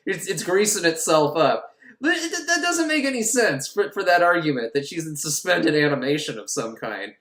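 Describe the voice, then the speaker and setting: Sarcastic, profane male film recapper, lively pitch, echoey room. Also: normal speed. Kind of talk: casual comedic film recap.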